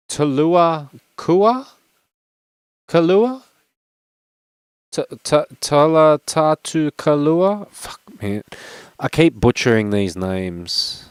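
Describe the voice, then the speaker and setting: Opening trading cards on his vlog, a young man rambles casually and jokes about himself. His voice is mid-range and clean, recorded without echo.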